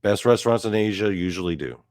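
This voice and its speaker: Man, very low voice, dry close sound, stand-up rant, profane, mock-boastful, from South Korea. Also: expressive, fast, a little mellow, dry recording. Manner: profane, mock-boastful, quoting friends in asides. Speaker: comedian.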